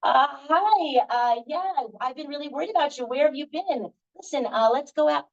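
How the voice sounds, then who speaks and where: A woman's voice: sits high, animated, moderate pace, vocal fry, voice pushed up. A woman acting out a worried mother in an improv scene, hesitant and caring, in a dull lo-fi recording. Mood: concerned.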